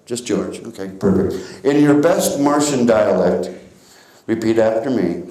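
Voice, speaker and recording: Male stage hypnotist, slow guiding patter with laughs, echoey hall. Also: fairly low pitch, mellow. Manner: slow guiding suggestions, chuckling at volunteers. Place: theater stage before a live audience.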